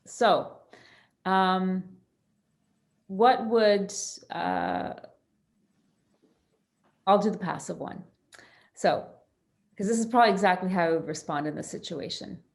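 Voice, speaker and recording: A woman's voice: mid-range voice, lively intonation, slow pace, long pauses. A woman therapist chatting on a video call, easygoing and laughing often, with many restarts. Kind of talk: casual panel chat on a video call.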